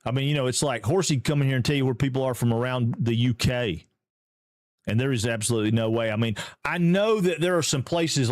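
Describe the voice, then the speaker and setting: Hosting a live game stream, a man from Georgia, USA, speaks with a Southern American accent at a medium pitch, keeping the chat casual and upbeat and greeting viewers with excitement. The recording is dry.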